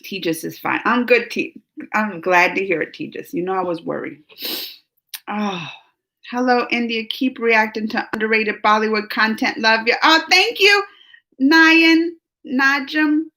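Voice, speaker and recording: The voice is a woman's, a little high and sharp in tone, moving at a measured pace. She's an adult, married with a family, who hosts a reaction channel; reading live chat, she chats casually and emotionally with viewers, teary but laughing between worries.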